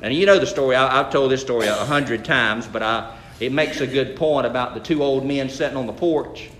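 A man's voice: mid-range voice, a little fast, a bit bright, slight background noise. A man, the pastor, preaching a sermon in a folksy, conversational way with frequent restarts. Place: church sanctuary. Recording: echoey church sanctuary.

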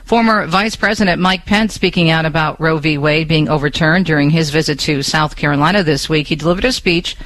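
A man's voice: a little high, fairly quick, few pauses, fairly bright tone, rough recording. A man hosting a radio talk show, speaking with passion and rhetorical questions, adding chatty asides to listeners and reading the news into a studio microphone.

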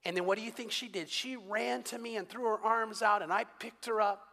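A man's voice: high-pitched, steady tone, fairly quick, pushed and bright. An older man preaching a sermon, with a conversational, storytelling manner and touches of humor. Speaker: pastor. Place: church sanctuary. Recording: long hall reverb.

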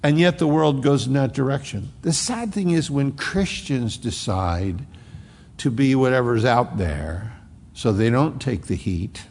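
A male pastor delivers a sermon in a large church sanctuary, and his voice trails off in a long reverb. His mid-pitched voice carries a gravelly, fried texture. He swings between fervent, driving emphasis and quiet, low-voiced reflection. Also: expressive, a little slow.

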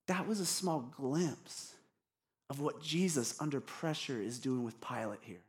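A man's voice: medium pitch, animated, unhurried. A male pastor giving a casual, candid sermon to his congregation, with frequent "like" and self-deprecating asides. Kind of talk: conversational sermon. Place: church congregation.

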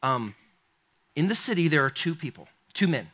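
A man preaching a sermon, telling a story in an animated, conversational way that speaks straight to his listeners. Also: fairly high pitch, normal speed. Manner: animated, conversational, addresses the congregation directly. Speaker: pastor.

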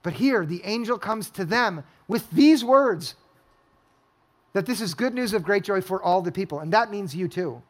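A man's voice: high-pitched, animated, normal speed. A male pastor preaching a sermon, telling stories and asking a string of rhetorical questions to a congregation in a church hall. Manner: storytelling, asks repeated rhetorical questions.

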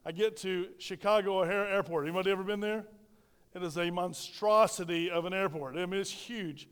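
Middle-aged pastor guy preaching, smooth clear voice, asks the crowd stuff, long church echo. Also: sits high, a little fast, a bit bright. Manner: storytelling preacher, repeats phrases, asks the congregation questions. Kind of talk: sermon. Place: church sanctuary. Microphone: handheld microphone.

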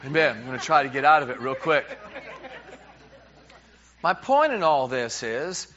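Middle-aged New preacher, man; lively storyteller who acts out both sides of a conversation, slightly dull recording. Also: medium pitch, moderate pace, a faint crowd. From New York. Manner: animated, repeats words, acts out dialogue. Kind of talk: humorous sermon storytelling. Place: church.

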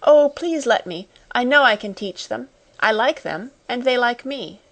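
A woman reading the part of a proud, steadfast young girl in a storybook, soft and earnest in manner. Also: on the high side, animated, unhurried, voice pushed up, exaggerated voice, poor audio. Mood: eager.

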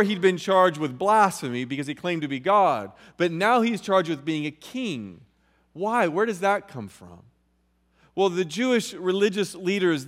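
A man's voice: high-pitched, in a large hall. A male pastor preaching a sermon, reading scripture aloud verse by verse and explaining it.

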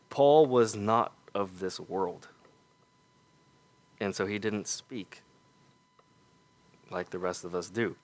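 Slow, low-voiced male preacher. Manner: earnest, rhetorical questions, drops to soft emphatic lows. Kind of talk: sermon.

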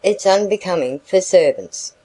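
A woman's voice: lowish voice, animated, moderate pace, mellow, pitched above the performer's own voice, low-quality recording. A woman voicing a talkative rural male packman who coaxes a customer in a broad country dialect. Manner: coaxing sales patter.

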